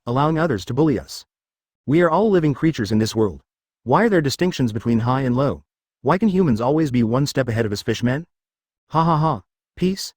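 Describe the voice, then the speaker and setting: A man's voice: mid-range voice, no echo, clean studio sound, close to an everyday voice. A man reading the part of a bitter, fanatical male fishman pirate captain in a web-novel story, with a scornful, ranting manner.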